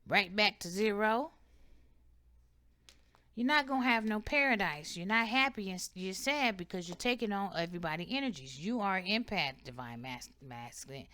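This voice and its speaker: Emphatic, bright-voiced tarot reader woman. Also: medium pitch, lively intonation, moderate pace. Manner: emphatic, preachy, repeats "okay?" often. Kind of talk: casual spiritual advice monologue.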